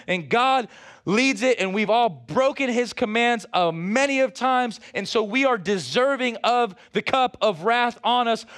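Male pastor mid-sermon; high-set voice, lively and joking, keeps calling out to the church. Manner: animated preaching with playful asides; calls out to the congregation.

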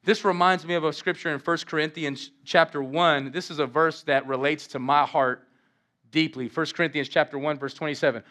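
A male pastor preaching an animated, conversational sermon in a church, acting out quotes from scripture. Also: fairly high pitch, brisk. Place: church in Las Vegas.

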